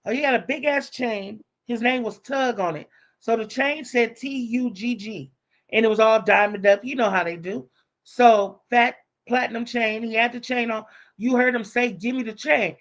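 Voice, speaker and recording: A woman's voice: fairly high pitch, normal speed. A woman live streamer telling a story in casual, profane talk, acting out the voices of the people she quotes.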